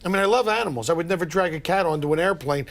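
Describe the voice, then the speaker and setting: Wisecracking middle-aged man, gravelly and high. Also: rapid-fire. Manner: wisecracking, exasperated comic rants. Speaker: comedian guest. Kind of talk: stand-up style routine on a morning show.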